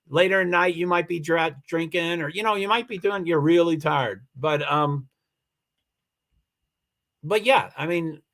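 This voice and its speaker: An upset man hosting a livestream rambles as he reads comments in casual chat, interrupting himself with restarts, emotional and near tears. His voice sits high and sounds a bit bright. He uses a computer mic for the stream.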